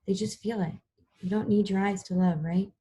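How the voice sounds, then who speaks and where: A woman reading the part of a tired, tender mother who whispers softly to her son at bedtime. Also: mid-range voice, fairly even intonation, moderate pace, breathy edge.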